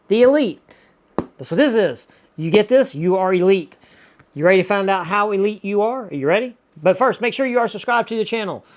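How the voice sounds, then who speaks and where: A man with a Southern US accent hosting a casual unboxing vlog, chatty and excitable, rambling with lots of asides. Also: high voice. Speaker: YouTuber reviewing subscription boxes.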